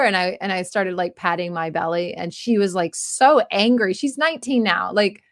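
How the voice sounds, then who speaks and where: A woman's voice: on the low side, moderate pace, no echo, studio quality. A woman in her forties hosting a casual personal monologue, rambling and self-deprecating. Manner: rambling and self-deprecating, with many restarts and fillers.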